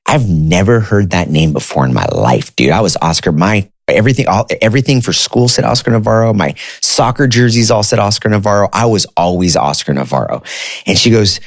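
A man in his thirties casually telling a personal story, animated, acting out the voices of the people he quotes. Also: fairly low pitch, fairly quick, no echo, studio quality. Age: 30s.

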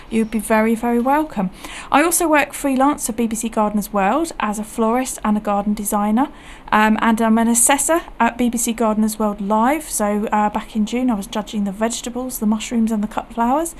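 A woman hosting a local radio gardening show, chatty and friendly, with frequent ums. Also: on the high side. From England. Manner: chatty, warm laughs, lots of ums. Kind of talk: casual radio chat.

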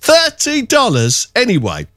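A man hosting a radio show, telling a story in a relaxed, chatty way. His pitch swings widely and lends his talk a sing-song lilt. The studio sound is close and dry, with no room echo. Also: a little slow. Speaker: radio host. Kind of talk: casual radio chat.

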